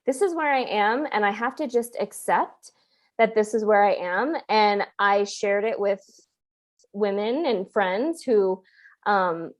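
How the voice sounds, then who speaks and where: Earnest woman podcast host coaching. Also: medium pitch. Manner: earnest, coaching tone with many restarts and fillers. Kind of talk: casual podcast conversation.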